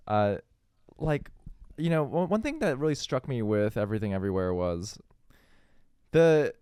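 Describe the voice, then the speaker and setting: A man's voice: on the low side, a little mellow, smooth, no room sound, studio quality. A man co-hosting a podcast, speaking casually and thoughtfully, hesitant and full of fillers. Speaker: podcast co-host.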